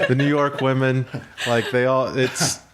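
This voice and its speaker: A man's voice: mid-range voice, level tone, unhurried, clean tone. A man hosting a podcast, chatting casually and animatedly, mimicking other people's voices. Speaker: podcast host. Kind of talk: casual chat.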